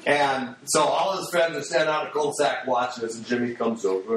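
A man's voice: medium pitch, expressive, moderate pace, a bit bright, slight background noise. A middle-aged man giving a sermon in a folksy, blunt storytelling way, recorded in a large room. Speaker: preacher. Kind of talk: sermon with personal stories. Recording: echoey, distant hall mic.

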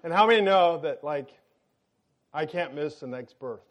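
A middle-aged man preaching a sermon, telling a funny, animated story and acting out the lines of the people in it. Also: on the high side, moderate pace. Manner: animated, jokey storytelling with acted-out quotes. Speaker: pastor.

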